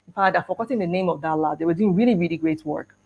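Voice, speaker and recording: A woman's voice: fairly low pitch, fast, husky, phone-quality sound. A middle-aged woman speaking at an education conference, telling a personal story and acting out the dialogue, with light laughs. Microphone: video call.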